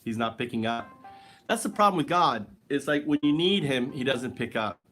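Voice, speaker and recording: Over soft background music, a man rambles alone on a home livestream in a medium-pitched, slightly bright, expressive voice at a moderate pace. He's wry and joking, repeatedly talking to a listener who never replies, and the chat wanders casually.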